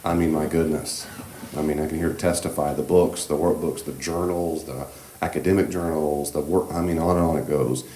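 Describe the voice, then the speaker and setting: A man with an extremely deep voice leads a church class on grief, gentle and reassuring in tone. He talks conversationally with many asides into a handheld mic. The room echoes, and a faint hiss sits underneath. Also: fairly even intonation, brisk, few pauses. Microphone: handheld microphone.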